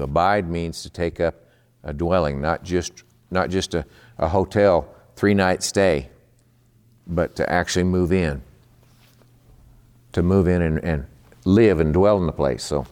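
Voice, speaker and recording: A male pastor delivers a midweek sermon in a very low, deep voice. He talks in an easy, conversational way. He slows down to spell out terms and often repeats a word while he gathers his thought. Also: animated, a little mellow. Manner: conversational preaching, explains terms slowly, repeats words.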